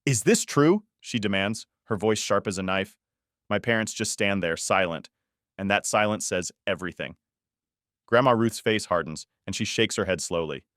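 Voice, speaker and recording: A man reading a first-person story as a scripted narration, in an even, measured manner. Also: sits low, dry recording, studio quality.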